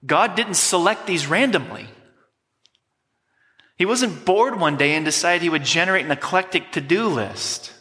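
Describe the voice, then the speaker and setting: A man's voice: sits high, normal speed, pushed and bright. A man preaching a sermon as pastor, emphatic and teaching, leading the congregation in repeating words. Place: church sanctuary. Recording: long hall reverb.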